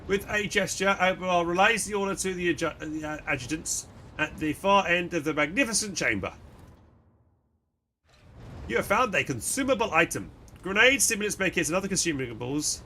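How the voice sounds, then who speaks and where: Bright-voiced streamer reading game text. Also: male voice, high-pitched, animated, fairly quick, a little hiss or hum. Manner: casual asides, swears. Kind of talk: reading game text aloud while playing.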